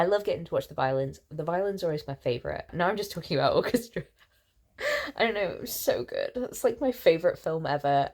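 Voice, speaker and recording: A tired young woman losing her voice, chatting in a rambling, excitable way while lying in bed. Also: deep voice. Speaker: book vlogger. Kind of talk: casual chatty vlog.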